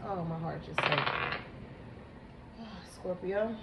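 A woman giving a psychic tarot reading, halting and emotional, repeating herself as she talks. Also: on the low side. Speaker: tarot reader. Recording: echoey room with background noise.

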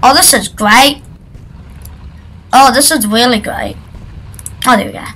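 A woman's voice: fairly high pitch, measured pace, pushed and bright, slightly rough, low-quality recording. A woman giving casual, jokey commentary while playing a video game, chatting and shrieking at events in the game. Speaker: gaming video creator. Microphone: computer microphone.

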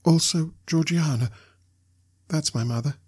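A man's voice: fairly high pitch, animated, a little slow, slightly rough, exaggerated voice. A man doing a timid little boy. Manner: timid, pleading, polite. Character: small frightened orphan boy.

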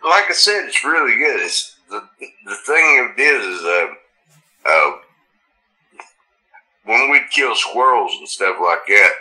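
A man's voice: medium pitch, big pitch swings, unhurried, long pauses, sharp tone, low-quality recording. A man, chatting on a podcast in a folksy, rural drawl. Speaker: podcast co-host. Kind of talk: casual chat.

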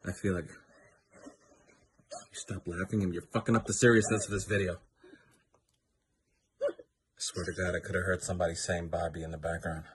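A man delivering a mock-serious, profane comic rant in a dark room lit by a flashlight. He lurches from hushed whispers to loud outbursts. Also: sits low, flat delivery, normal speed, long pauses, slight background noise. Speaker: comedy video maker.

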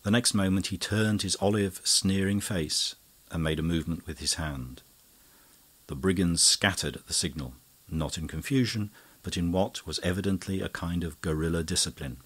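A man narrating an audiobook in a measured, even storytelling manner. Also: sits low, breathy edge. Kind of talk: scripted narration.

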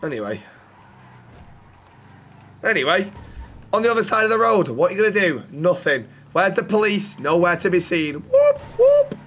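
A man's voice: high voice, lively intonation, normal speed, pauses often, fairly bright tone, slightly rough. A man streaming a roleplay game, chatting casually with lots of swearing and teasing banter.

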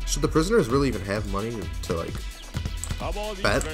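A man giving casual gameplay commentary, swearing constantly, laughing a lot and breaking into sudden yelled outbursts. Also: on the low side, lively intonation, fairly quick. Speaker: gaming video creator. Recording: game music playing under voice.

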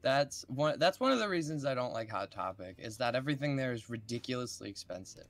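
A man's voice: medium pitch, lively intonation, fairly quick. A young man co-hosting a let's play, joking with wry complaints in casual banter.

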